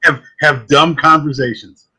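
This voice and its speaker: Bright-voiced joking man. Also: on the high side, fairly even intonation, slightly rough, low-quality recording. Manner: joking storyteller, quick asides. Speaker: guest psychic medium. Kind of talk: casual chat.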